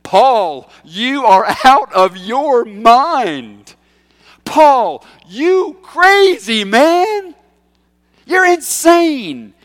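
A man voicing an exasperated male Roman governor who shouts in slow, mocking scorn. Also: high-pitched, wildly swooping pitch, voice pushed up, heavily acted. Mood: scornful. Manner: loud, slow, mocking outburst. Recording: echoey hall.

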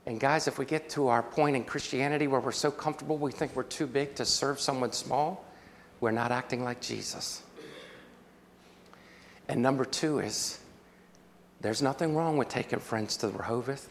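Dramatic preacher in a reverberant auditorium. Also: male voice, medium pitch, moderate pace, slight background noise. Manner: dramatic storyteller, calls for amens. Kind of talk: sermon with storytelling. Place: large auditorium.

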